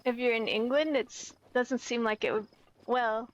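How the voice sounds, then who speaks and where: Woman, from the US, streamer, casual chat, higher voice, searching for words. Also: steady tone, a little slow, muffled recording. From United States. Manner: chatty, searching for words, reading chat aloud. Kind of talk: casual chat with viewers while gaming.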